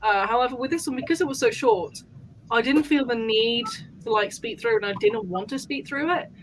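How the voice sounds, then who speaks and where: A woman's voice: a little high, animated, brisk, a little hiss or hum, low-quality recording. A woman guest in a casual book club chat, talking thoughtfully in long rambling turns, with some casual swearing.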